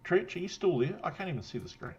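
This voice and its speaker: A man's voice: sits high, big pitch swings, fast talker, darkish tone, dull audio. A man with a New Zealand accent chatting casually on a stream, rambling, swearing and laughing often after a drink. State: had a drink. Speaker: guest on a livestream. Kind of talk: casual chat.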